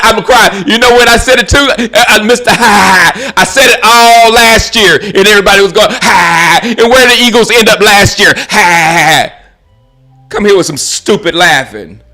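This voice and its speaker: A man's voice: high voice, moderate pace, pushed and bright, faint music behind. A man hosting his own live stream, ranting about football in a casual, mocking way, often laughing and restarting his sentences. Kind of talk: casual sports rant.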